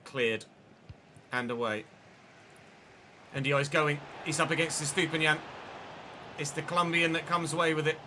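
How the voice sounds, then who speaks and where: A man's voice: a little high, steady tone, moderate pace, pauses often, background noise. A man streaming a football video game, giving running play-by-play with frequent swearing and frustrated outbursts. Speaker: gaming streamer. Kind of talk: live gameplay commentary.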